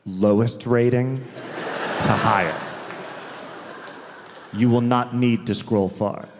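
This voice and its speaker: A man performing a stand-up comedy set on stage, telling stories deliberately and drawn out, with quick asides. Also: medium pitch, fairly even intonation. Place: large theater stage. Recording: live comedy hall with long reverb, faint crowd noise.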